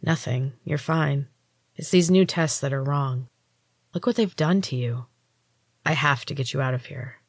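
A woman voicing a secretive young male helper in a lab coat, speaking low and quietly urgent, in an audiobook reading. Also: measured pace, dry recording, studio quality, full character voice. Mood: hushed. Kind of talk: audiobook character voice.

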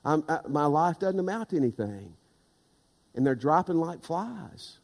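High-voiced preacher in an echoing hall. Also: male voice, sing-song, measured pace. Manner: impassioned, rising to loud emphatic preaching. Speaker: pastor. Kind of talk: sermon.

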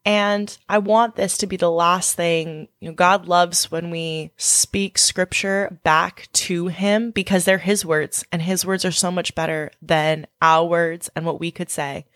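A woman's voice: fairly low pitch, steady tone, measured pace, hardly any pauses, a bit bright, no echo. Earnest woman co-hosting a faith podcast. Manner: earnest, heartfelt, encouraging. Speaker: podcast co-host.

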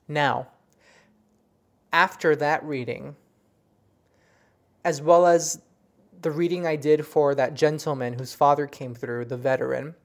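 A woman telling stories of her psychic readings in a casual, animated monologue, full of fillers and restarts. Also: low-pitched, slow pace, long pauses. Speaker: psychic medium recounting readings.

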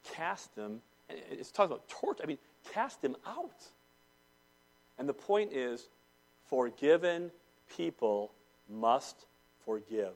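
A man preaching a sermon to a congregation in a church, swinging between loud declarations and hushed intensity. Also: mid-range voice, big pitch swings, slow pace, long pauses. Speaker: pastor.

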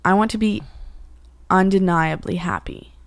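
A woman's voice: mid-range voice, unhurried. Young woman chatting, full of "like". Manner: rambling, heavy use of filler "like". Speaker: co-host, daughter. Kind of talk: casual chat.

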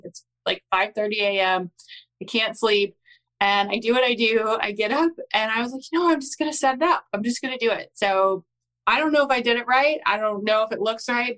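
A woman hosting a motivational podcast as a business coach, talking in an excitable, bubbly way with lots of "like" fillers and frequent laughs. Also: medium pitch. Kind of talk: casual motivational pep talk.

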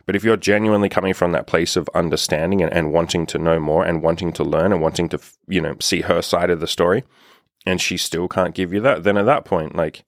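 A man's voice: deep voice, steady tone, fairly quick, dry recording, studio quality. A man giving dating advice as a coach in a casual, blunt monologue, swearing freely and leaning on "like" as a filler. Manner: blunt, profane, lots of "like" fillers.

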